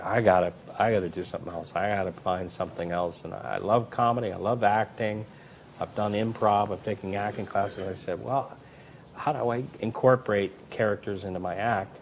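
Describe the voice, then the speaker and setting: With vocal fry and a little hiss or hum, a man tells anecdotes in an interview. He's a magician and comedy performer, animated in manner, acting out the voices of the people he describes with big swings in pitch and loudness.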